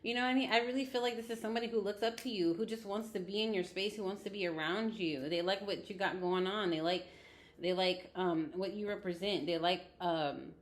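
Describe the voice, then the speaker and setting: A woman giving a casual tarot reading, chatty and blunt, with frequent laughs and swearing. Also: on the low side. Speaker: tarot reader.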